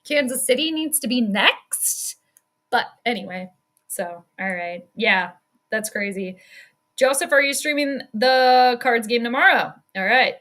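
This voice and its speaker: A woman's voice: a little high, lively intonation, measured pace, pushed and bright. A woman giving casual live play-by-play commentary on a stream, chatty and laughing often as she reads out her chat. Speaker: sports streamer doing live game commentary.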